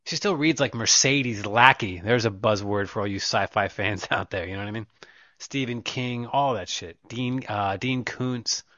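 A man's voice: fairly low pitch, normal speed, bright, forceful tone, dry recording, muffled recording. A man co-hosting a podcast, telling rambling stories in crude, casual chat. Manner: profane, rambling storyteller. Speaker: podcast co-host.

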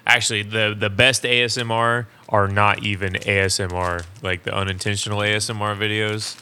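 A man with a fairly low but bright-edged voice, bantering on a podcast mic. He laughs easily and acts out short bits of dialogue mid-story. There is a faint hiss behind him. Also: flat delivery, a little fast. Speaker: podcast co-host. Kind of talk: casual chat.

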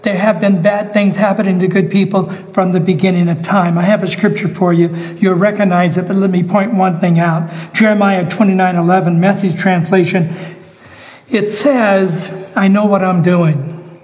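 A man's voice: high-pitched, steady tone, moderate pace, darkish tone, big-room sound, poor audio. A male pastor delivering a sermon, emphatic, repeating phrases and asking the listeners questions.

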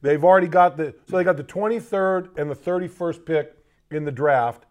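A man hosting a sports talk show in a loose, halting way, with many fillers and restarts. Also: fairly high pitch, a little mellow. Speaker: host.

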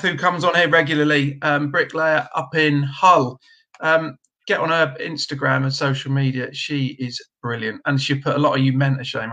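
A man's voice: fairly high pitch, pushed and bright. A middle-aged man hosting a live stream, reading out viewer comments in a chatty, blunt way with lots of ums. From Britain. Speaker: host of a trades live stream.

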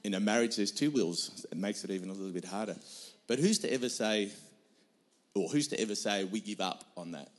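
A man's voice: lowish voice, brisk. A middle-aged man, a pastor, answering on a church panel in an earnest, emphatic way, repeating his points.

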